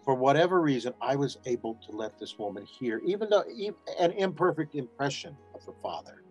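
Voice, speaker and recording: A man's voice: mid-range voice, brisk, breathy edge, lo-fi sound, faint music behind. A man, a voice actor guest on an interview, telling stories casually and acting out what people said. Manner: animated storyteller acting out quotes.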